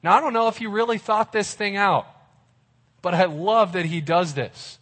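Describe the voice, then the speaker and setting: A man's voice: sits high, moderate pace, a bit bright. A man preaching a sermon as a pastor, retelling a story vividly with casual asides to the listeners.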